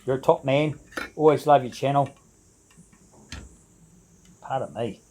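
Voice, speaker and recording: A man talks casually to his viewers from a home brew shed, his voice mellow and dark-toned at a mid pitch. He rambles and hesitates, restarting thoughts and filling gaps with ums as he goes. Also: measured pace, a little hiss or hum, poor audio. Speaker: home brewer. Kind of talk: casual vlog chat to viewers.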